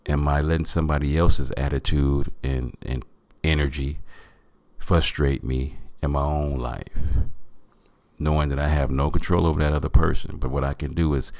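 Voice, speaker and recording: A man's voice: extremely low pitch, steady tone, normal speed, darkish tone, no echo, studio quality. A man hosting a podcast, giving an earnest motivational talk and calling his listeners family. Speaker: podcast host.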